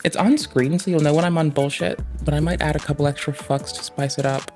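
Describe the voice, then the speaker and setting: A man's voice: on the high side, steady tone, fairly quick, darkish tone. Man, streamer, casual chat, rambling, joking, swearing, faint music behind. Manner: rambling, swears a lot, jokey. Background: faint backing track music.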